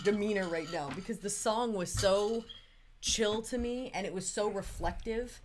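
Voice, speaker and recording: A woman co-hosting a podcast, talking calmly and casually and laughing often. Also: medium pitch, moderate pace. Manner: laid-back, laughs often. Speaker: podcast co-host. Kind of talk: casual reaction chat.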